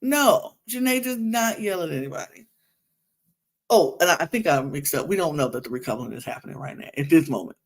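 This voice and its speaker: A woman hosting a podcast, recapping a reality show in an animated, exasperated rant full of asides. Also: deep voice, brisk. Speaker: podcast host.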